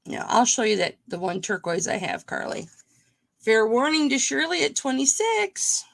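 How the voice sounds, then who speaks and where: Lady selling jewelry on a live stream, kinda high gravelly voice, chatty with viewers. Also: sing-song, moderate pace. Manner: chatty, talks to viewers by name. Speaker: live auction seller.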